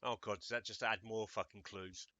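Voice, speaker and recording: Bright low-voiced man, game player. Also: steady tone, normal speed, dry recording. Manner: reads notes aloud, swears casually. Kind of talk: casual chat at a game table.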